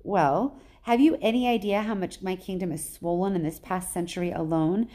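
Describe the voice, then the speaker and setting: A woman's voice: lowish voice, moderate pace, warm tone, natural voice. A woman reading aloud, voicing a proud, scornful male god of the underworld who grumbles and accuses. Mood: aggrieved.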